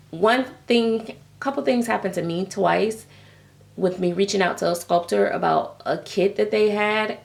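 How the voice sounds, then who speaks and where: A woman's voice: on the low side, vocal fry. A woman vlogger in a casual, chatty rant, telling stories with laughs and calling listeners baby. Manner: animated storytelling with frequent laughs and pet names like baby. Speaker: reborn doll vlogger.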